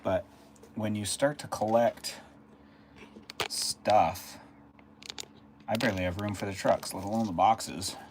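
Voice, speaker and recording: A man's voice: lowish voice, steady tone, slow pace, long pauses, slight background noise. A man casually chatting on a live stream. He rambles along and answers viewers' chat messages as they come in.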